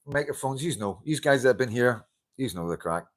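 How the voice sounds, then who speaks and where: A man's voice: medium pitch, lively intonation, brisk. A man hosting a casual live-stream chat, greeting viewers, laughing often and swearing casually into a handheld mic. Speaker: livestream host. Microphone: handheld wireless mic.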